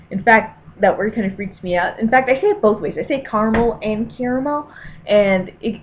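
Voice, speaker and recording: A woman with a Denver, Colorado accent chats casually to camera, rambling and poking fun at herself. Her voice sits at an ordinary middle pitch. The recording is thin and phone-like, with a faint hiss behind it. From Colorado, USA. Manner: chatty, self-deprecating, rambling asides. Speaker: vlogger doing an accent tag. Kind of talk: casual reading and chat to camera.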